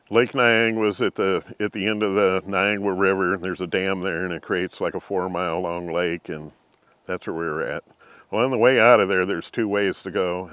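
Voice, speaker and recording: A middle-aged man, telling rambling, folksy anecdotes in an interview and often clearing his throat. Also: deep voice, fairly bright tone, no room sound. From Missouri. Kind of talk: casual storytelling.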